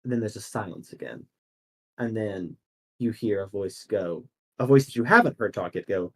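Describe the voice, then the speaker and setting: A man's voice: on the low side, expressive, normal speed, fairly bright tone, breathy edge. A man narrating as game master in casual storytelling.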